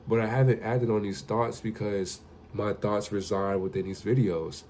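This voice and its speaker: A man's voice: on the low side, fairly even intonation, normal speed, a little mellow, slight background noise. A young man telling a casual, profane story straight to the camera as a vlogger. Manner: loose, profane, conversational storytelling.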